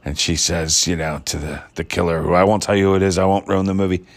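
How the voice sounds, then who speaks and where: A man's voice: low voice, monotone, fast. A man delivering a blunt, sarcastic, profane ranting monologue as a commentator.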